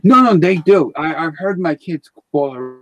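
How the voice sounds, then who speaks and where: A man's voice: on the high side, expressive, normal speed. A man hosting a live stream in casual chat, blunt and rambling, swearing freely.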